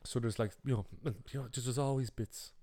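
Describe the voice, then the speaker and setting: A man's voice: medium pitch, fairly quick. Guy hosting a podcast, laid back, rambles on, says you know constantly. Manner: relaxed, rambling, lots of fillers like 'you know'. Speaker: podcast host. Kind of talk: casual chat.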